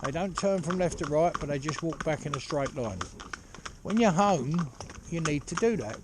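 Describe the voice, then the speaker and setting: A horse trainer talking casually outdoors while driving a pony cart, rambling and chatty with lots of "you know". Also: male voice, a little high, expressive, normal speed. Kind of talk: casual spoken instruction while driving ponies. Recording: loud hoof clatter and outdoor noise.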